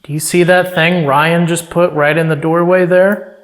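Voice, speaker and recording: High-voiced man urging a spirit. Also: flat delivery, moderate pace. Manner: urging, keeps asking a spirit to act. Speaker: paranormal investigator. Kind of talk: ghost-hunting vlog.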